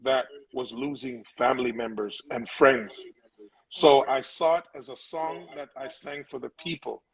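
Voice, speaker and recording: A man's voice: mid-range voice, steady tone, measured pace, low-quality recording. A middle-aged man, a musician being interviewed, telling a long personal story in an earnest, rambling way with many restarts. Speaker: musician guest.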